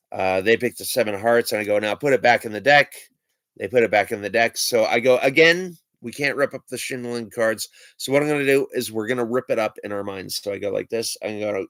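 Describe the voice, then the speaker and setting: A man's voice: fairly low pitch, a bit bright, no echo. A man casually showing his trick cards on a stream, rambling and hesitant, with many fillers and restarts. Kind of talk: casual show-and-tell of magic cards.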